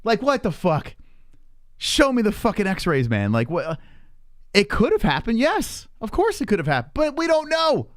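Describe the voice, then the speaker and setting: A male streamer ranting heatedly to his chat, with lots of profanity. His voice sits fairly high and swings widely in pitch, and the sound is dry and close to the mic. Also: huge pitch swings, normal speed, dry recording. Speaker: live stream host. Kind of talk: casual rant on a live stream.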